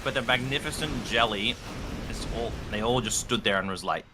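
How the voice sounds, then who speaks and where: An Australian man in casual voice-chat banter with a fellow streamer, excitable and boastful. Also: mid-range voice, normal speed, background noise. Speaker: co-streamer guest.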